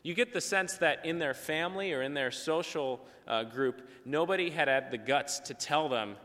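Bright-voiced man preaching in a hall. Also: on the high side, moderate pace. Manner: conversational, acts out quoted voices. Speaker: pastor. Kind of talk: sermon with storytelling. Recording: long hall reverb.

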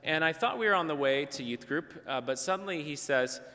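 A man's voice: on the high side, expressive, fairly quick, pushed and bright. A middle-aged man preaching a conversational sermon, telling a story and acting out the voices of the people in it. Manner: conversational, acts out quoted voices. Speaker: pastor. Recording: long hall reverb.

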